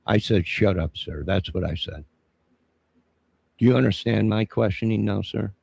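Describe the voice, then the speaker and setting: A man ranting on a live stream, preachy and confrontational, with a gravelly, husky voice. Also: on the low side, moderate pace, darkish tone, no room sound. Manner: indignant, preachy, confrontational, keeps saying 'sir'. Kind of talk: rambling live-stream monologue.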